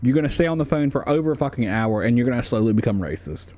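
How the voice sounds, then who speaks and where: A man's voice: medium pitch, lively intonation, fast, a little mellow, slight background noise. Rambling, profane streamer man. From United States. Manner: profane, rambling, lots of fillers and restarts. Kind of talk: livestream commentary ranking a tier list.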